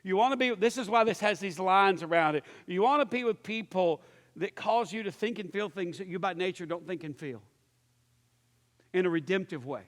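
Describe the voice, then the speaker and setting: A man's voice: high voice, normal speed, a bit bright. A male pastor teaching a church class, telling stories and acting out the voices in them, with many restarts and fillers. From Pittsburgh area. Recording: long hall reverb.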